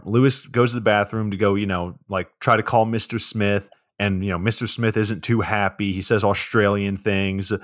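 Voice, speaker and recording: A man's voice: on the low side, a bit bright, no echo, clean studio sound. A man co-hosting a podcast, recapping a movie plot in a laid-back way with lots of swearing and fillers. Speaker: podcast co-host.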